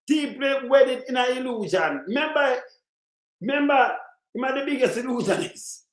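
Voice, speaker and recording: A Jamaican man giving an emphatic political commentary in patois, often breaking into shouts. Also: very high-pitched, animated, normal speed, reverberant, soft background music. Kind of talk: ranting commentary over clips.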